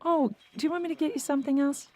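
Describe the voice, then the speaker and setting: A woman's voice: sits high, rapid-fire, darkish tone, lightly acted. A woman voicing a friendly, chatty bartender in a cartoon.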